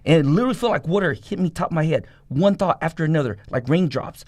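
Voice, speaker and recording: Fast-talking, blunt man telling his story. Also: a little high, animated, a little mellow, no echo. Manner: blunt, profane, rapid storytelling. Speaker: guest, former gang member. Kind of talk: personal testimony in conversation.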